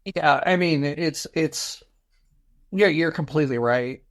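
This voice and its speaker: A man's voice: on the high side, takes it slowly, fairly bright tone. A man co-hosting a podcast, musing aloud in casual discussion and often tagging thoughts with a questioning "right?". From United States. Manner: musing, rhetorical "right?" tags. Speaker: podcast co-host.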